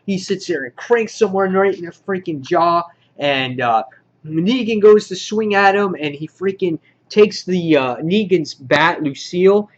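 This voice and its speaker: A man giving a casual comic book review, rambling with many filler words and getting excited as he goes. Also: fairly high pitch, dull audio.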